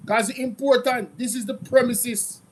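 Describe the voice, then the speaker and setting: A Jamaican man hosting a casual commentary show, talking in an animated, repetitive, mocking way. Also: extremely high pitch, moderate pace, slight background noise, rough recording. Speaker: commentary channel host.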